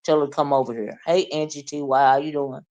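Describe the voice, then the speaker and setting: A woman's voice: deep voice, steady tone, fast, mellow, muffled recording. A woman hosting a casual livestream, chatting with viewers, greeting them by name and asking "right?" often. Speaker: livestream host.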